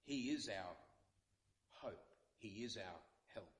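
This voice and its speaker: A man's voice: lowish voice, expressive, slow, roomy sound, slight background noise. A male pastor, possibly, delivering an earnest sermon with many repeated phrases. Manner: earnest, repetitive preaching with dramatic quotes.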